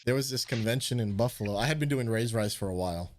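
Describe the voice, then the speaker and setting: A man's voice: mid-range voice, fast talker, noisy background. A man hosting a live stream, casually telling a story, swearing freely and acting out what people said in a raised voice. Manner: animated, swearing, acts out quotes in a raised voice. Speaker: host.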